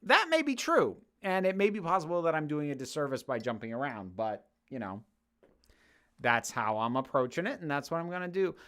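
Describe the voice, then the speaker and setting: A man's voice: a little high, sing-song, brisk, a bit bright, clean tone. A man from the United States hosting a livestream, casually answering chat questions with rambling jokes and lots of fillers and restarts. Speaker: YouTube host answering chat.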